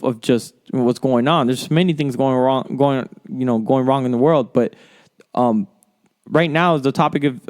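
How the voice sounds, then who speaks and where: Male sports podcast host, heated profane solo rant, smooth resonant voice. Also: mid-range voice, a little mellow.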